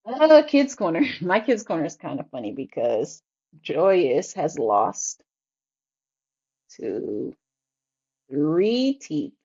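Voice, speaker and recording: A woman chats on a podcast with a lively, swooping voice. She tells her stories with lots of laughs and acts out what people said. The sound is dull and lo-fi. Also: deep voice, slow, pauses often, breathy edge. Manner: chatty storyteller, laughs often, acts out quotes. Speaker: podcast co-host, mother. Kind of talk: casual podcast chat. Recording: dull lo-fi recording.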